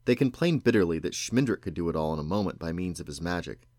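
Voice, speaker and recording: A man reading a storybook chapter aloud to his children, measured and expressive. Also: low voice, no room sound, studio quality.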